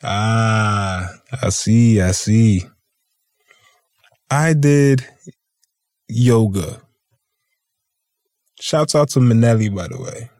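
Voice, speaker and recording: Man, podcast host, slow pace, mellow, dry sound, casual rambling storyteller. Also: on the low side, dry recording. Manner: laid-back, rambling, swears freely, laughs often.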